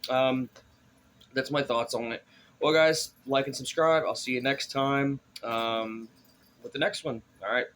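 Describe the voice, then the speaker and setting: A man's voice: mid-range voice, steady tone, unhurried, a bit bright, slight background noise. A man giving a casual spoken movie review, rambling with many fillers and restarts.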